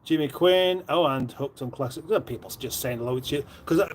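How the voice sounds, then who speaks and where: A man's voice: medium pitch, a little fast, a little hiss or hum. A middle-aged man hosts a casual live stream from his kitchen, reading out viewer comments with rambling, dry, self-mocking banter. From northern England. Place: home kitchen.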